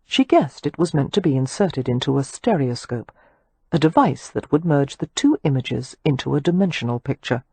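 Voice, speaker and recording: A woman narrating an audiobook in an expressive storytelling manner. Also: low voice, moderate pace, husky, no echo. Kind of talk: scripted narration.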